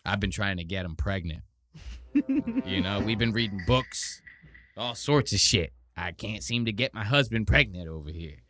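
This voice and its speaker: A man hosting a podcast, casually mocking a clip with animated commentary and exaggerated impressions. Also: lowish voice, normal speed. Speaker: podcast host.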